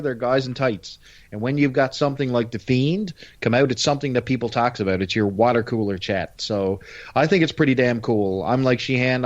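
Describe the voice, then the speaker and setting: Man, mid pitch, emphatic and opinionated, casual podcast chat, dull lo-fi mic. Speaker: podcast co-host.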